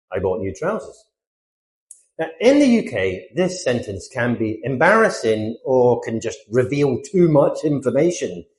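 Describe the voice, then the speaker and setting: British man, English teacher, animated delivery, slightly raised pitch. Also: roomy sound. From Britain. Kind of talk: scripted lesson to camera.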